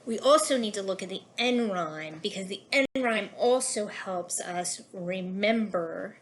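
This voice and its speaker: A woman teacher talks her class through a poetry lesson, patient and explanatory, with the odd filler as she goes. Her voice sits at a middle pitch, and a faint hiss runs under the recording. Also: measured pace.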